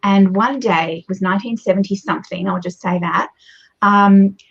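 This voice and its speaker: A woman, a guest coach speaking in animated conversation, shifting her pace and loudness as she explains. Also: mid-range voice, normal speed, creaky, slightly rough. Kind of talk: conversational advice. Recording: dull, muffled lo-fi audio.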